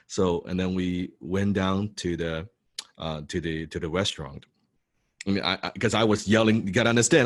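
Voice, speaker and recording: Excitable man with a low voice. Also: fairly quick, no echo, studio quality. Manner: excitable, repeats words often, swears for emphasis. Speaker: business coach telling a personal story. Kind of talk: animated storytelling talk.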